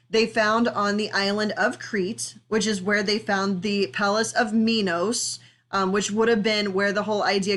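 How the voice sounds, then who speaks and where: A woman lecturing on art history in a relaxed, conversational way, talking students through the material with easy asides and the odd filler. Her voice sits in a middle range for a woman. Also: mid-range voice. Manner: conversational, explanatory, with frequent fillers. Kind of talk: recorded classroom lecture.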